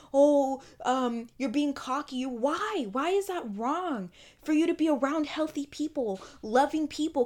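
A young adult woman hosting a podcast, telling a personal story in an emphatic, repetitive, sassy and emotional way. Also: a little high. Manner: emphatic, repeats phrases, swings between sassy and tearful. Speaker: podcast host.

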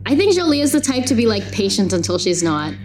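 A woman's voice: fairly high pitch, big pitch swings, quick pace, darkish tone. Woman player, casual and chatty, faint music underneath. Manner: casual, laughing, filler-heavy. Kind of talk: tabletop role-play chat.

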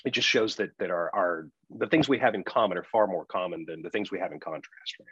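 With a lowish, slightly rough voice at a quick pace, the audio dull and free of echo, he produces and co-hosts a podcast. As a producer turned interviewer, he's animated and jokey, frequently restarting his sentences.

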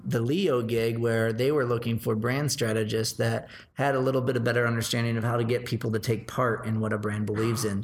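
A man from Chicago, in his thirties, talking through his career in a loose, filler-heavy way as an interview guest. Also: medium pitch. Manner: rambling, filler-heavy, self-deprecating. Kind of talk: casual interview chat. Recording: roomy echo, faint background noise.

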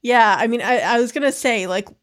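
A woman co-hosting a podcast, chiming in with quick asides in casual chat. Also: a little high. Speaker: podcast co-host.

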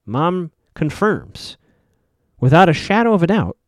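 A man's voice: fairly high pitch, big pitch swings, measured pace, no room sound, studio quality. A man casually recapping a TV episode as a podcast host, chatty and rambling, often correcting himself.

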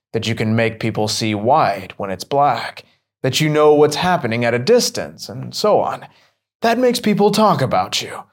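A man's voice: mid-range voice, close to an everyday voice. A man voicing a learned, prudent older priest who questions with courteous severity. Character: learned older male priest, stern then indignant.

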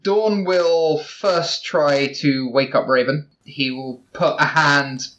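Relaxed player, joking, middling pitch, tabletop game. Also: slow, muffled recording, a little hiss or hum. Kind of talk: casual tabletop play.

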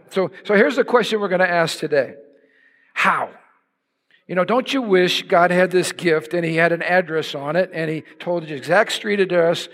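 Brief: male preacher, impassioned, raises to shouts, big reverberant church sound. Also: sits high. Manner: impassioned, builds to shouts for emphasis. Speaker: pastor. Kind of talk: sermon. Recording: long hall reverb.

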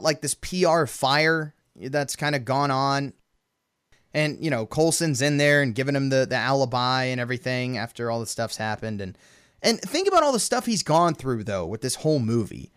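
An excitable man co-hosting a movie podcast, his voice sitting a little high for a man. He chats casually, laughs often and jumps into acting out lines from the films. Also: moderate pace, smooth. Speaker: podcast co-host.

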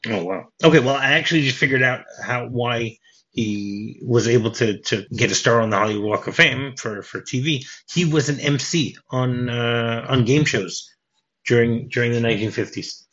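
A man chats on a film podcast at an everyday middle pitch, starting over and repeating words as he thinks aloud. The audio is dull and slightly lo-fi. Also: a bit bright. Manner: halting, repeats words often. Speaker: podcast host. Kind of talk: casual film discussion.

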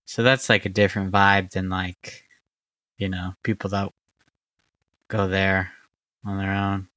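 Deadpan male podcast co-host from Arizona; bright, clear tone, relaxed slow pace. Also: deep voice, no echo. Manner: dry, deadpan humor. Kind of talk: casual chat.

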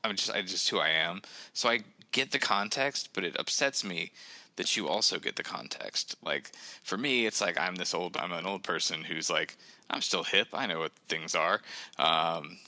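Deep-voiced man, bright and rambling. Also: lively intonation, normal speed, dry recording. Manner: rambling, self-deprecating humor. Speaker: guest author. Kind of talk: casual podcast conversation.

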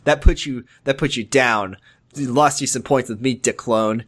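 A man's voice: mid-range voice, normal speed, fairly bright tone. A man co-hosting a casual recap chat, joking, riffing and putting on mock voices. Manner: jokey, riffs and plays mock voices. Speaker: podcast co-host.

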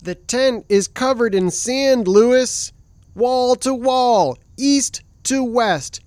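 An actor voicing a fussy, easily exasperated male explorer in a comedic audio drama, with whiny, yelling outbursts. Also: medium pitch, slow pace, dry recording, natural voice. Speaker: performer and show introducer.

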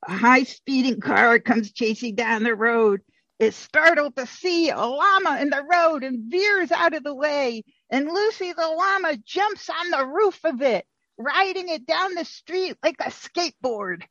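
A woman narrates an improvised tale in a lively, dramatic way. Her voice is high and bright. The sound is dry and a little dull. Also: a little slow, dry recording. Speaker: storyteller in a group game.

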